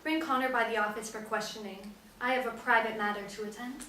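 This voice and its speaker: A woman plays a bright-voiced little girl detective, brisk and bossy on the case. The table read sounds distant and echoey. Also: on the high side, steady tone, a little hiss or hum. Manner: brisk and bossy, tongue-tied with her crush. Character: earnest little girl detective, flustered around her crush. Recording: roomy, distant mic.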